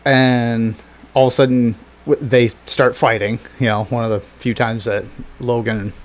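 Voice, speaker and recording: A man in easy, casual conversation, his pitch sitting in the middle for a man. He tells the story with plenty of swearing and laughs, and jumps up loud and high whenever he acts out a surprised reaction. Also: little pitch movement, a little slow. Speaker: podcast co-host. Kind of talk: casual chat.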